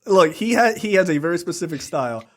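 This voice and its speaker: A man talks through a movie's plot on a casual review podcast, rambling from scene to scene and swearing freely. His voice sits a little higher than most men's. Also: animated, fast talker, fairly bright tone. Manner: rambling profane plot recap. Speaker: podcast co-host. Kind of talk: casual film review chat.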